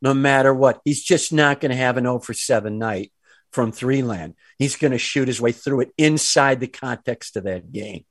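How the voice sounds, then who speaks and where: A man's voice: medium pitch, moderate pace, no room sound, clean studio sound. A man hosting a podcast, chatting casually about sports and cracking jokes with his co-host. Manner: joking, reads mock sponsor plugs.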